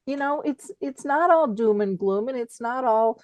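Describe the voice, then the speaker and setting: Animated woman host, dry sound. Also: fairly high pitch, normal speed, hardly any pauses, no echo. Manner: animated, expressive, laughs easily. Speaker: podcast host. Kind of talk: conversational interview.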